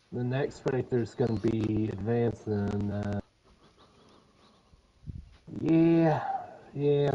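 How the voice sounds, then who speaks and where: Slow, mellow-voiced gaming co-host. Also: male voice, medium pitch, muffled recording, slight background noise. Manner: hesitant, teasing, trails off. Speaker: co-host playing the game. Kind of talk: casual gameplay chat.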